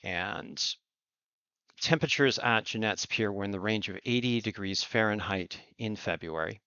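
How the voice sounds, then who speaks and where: A man hosting a surf and climate report, speaking in earnest, emphatic commentary with deliberate phrasing. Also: on the low side, sharp tone, clean tone, no room sound. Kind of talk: impassioned spoken commentary. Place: Outer Banks coast. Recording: dull lo-fi recording.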